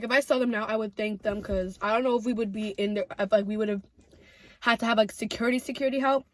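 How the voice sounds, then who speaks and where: A young woman vlogger telling a story while eating, chatty and animated, full of "like" and "literally". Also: fairly high pitch, dry recording.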